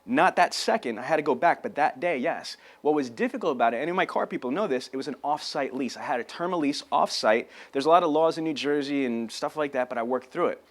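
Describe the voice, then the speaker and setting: A man giving an energetic sales training talk on camera, telling stories and acting out phone calls. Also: on the high side, quick pace, few pauses. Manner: animated storyteller, acts out phone calls.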